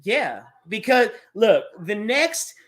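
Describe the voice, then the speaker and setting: A man's voice: high voice, very animated, slow pace, a bit bright. A man hosting a casual live-stream chat. He rambles from one thought to the next and drops swear words without a second thought.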